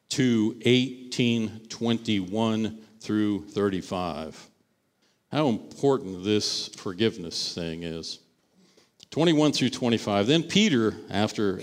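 A man's voice: fairly low pitch, long reverb tail. A man preaching a sermon as pastor of a church, reading scripture aloud and retelling a story in a conversational way, often repeating words and acting out the voices of the people in it.

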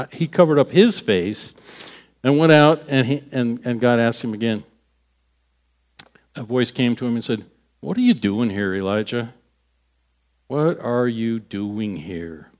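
A man with a medium-pitched, slightly mellow voice preaches a sermon, retelling a scripture story and acting out its voices. He restarts phrases and laughs at himself along the way.

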